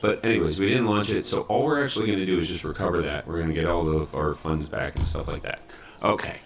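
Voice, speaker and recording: Deep-voiced young male game streamer. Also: quick pace, slight background noise. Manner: chatty, self-interrupting while fixing his audio. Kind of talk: casual live game stream chat.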